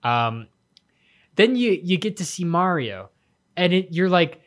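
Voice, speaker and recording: Young guy on a podcast, lively up-and-down voice, joking around. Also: sits high. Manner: animated, joking, quick bursts. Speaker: podcast co-host. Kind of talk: casual podcast chat.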